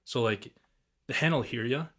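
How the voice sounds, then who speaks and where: A young man appears as a guest on a podcast, telling turkey hunting stories in a relaxed, rambling way at an ordinary middle pitch and normal speed. He keeps it loose and informal, swearing now and then and mimicking turkey calls.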